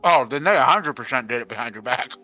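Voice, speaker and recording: A young man chatting among tabletop players, brash and expressive, swearing freely. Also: mid-range voice, fast talker, no room sound, dull audio, faint music behind. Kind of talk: casual chat.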